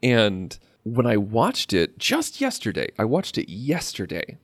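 A man's voice: on the low side, huge pitch swings, unhurried, husky, no room sound, studio quality. A man co-hosting a podcast in casual chat, rambling with fillers and restarts. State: slight cough. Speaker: podcast co-host.

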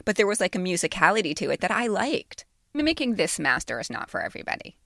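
A woman's voice: medium pitch, very animated, quick pace, vocal fry, bright, forceful tone, no room sound. A woman co-hosting a writing podcast, explaining her view earnestly and teasing playfully, recorded in a university studio. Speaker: podcast co-host and writing teacher. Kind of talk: casual chat.

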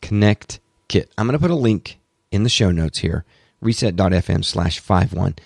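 A man hosting a solo tech podcast, talking in an excitable, rambling way and correcting himself, bothered by allergies. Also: low-pitched, normal speed, gravelly, slightly rough, no room sound, clean studio sound. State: allergies, throat clearing. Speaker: podcast host.

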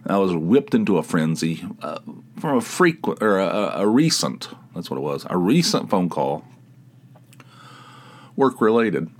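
A man hosting his own podcast, telling rambling, animated stories in casual chat and laughing at them. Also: deep voice, a little slow. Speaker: podcast host. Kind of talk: casual solo storytelling.

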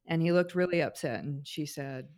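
A middle-aged woman with a somewhat low voice, talking as a guest. She tells personal stories in a conversational, expressive way and is animated as she goes. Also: normal speed. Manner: expressive, animated anecdote-teller. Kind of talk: conversational storytelling.

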